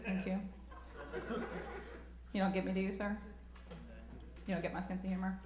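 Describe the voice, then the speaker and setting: A woman's voice: mid-range voice, little pitch movement, moderate pace. A young woman with a Southern American accent doing a self-deprecating stand-up set, drawling and talking back to the crowd. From rural American South. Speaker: stand-up comedian. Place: comedy club stage. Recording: roomy club reverb.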